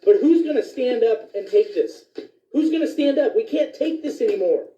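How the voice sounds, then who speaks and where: A man's voice: very high voice, lively intonation, moderate pace, dark tone. A man who is a physician, ranting indignantly with profanity in a commentary video. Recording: distant, echoey, dull lo-fi sound.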